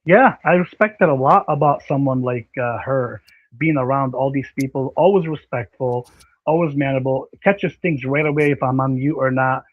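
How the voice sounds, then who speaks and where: A man hosting a casual online panel chat, rambling and animated with many fillers. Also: medium pitch, moderate pace, dry recording. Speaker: panel stream host. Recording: slightly dull dry audio.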